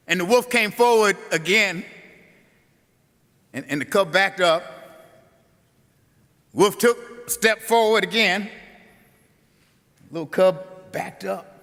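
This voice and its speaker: A man preaching an animated storytelling sermon that builds to a rousing close, recorded in a large conference hall. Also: high voice.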